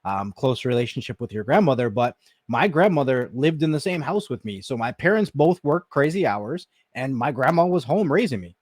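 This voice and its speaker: A man's voice: lively intonation, moderate pace, no room sound, clean studio sound. Frank, reflective Canadian-born man. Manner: reflective, talks frankly, often drops low and quiet. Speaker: podcast co-host. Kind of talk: casual chat.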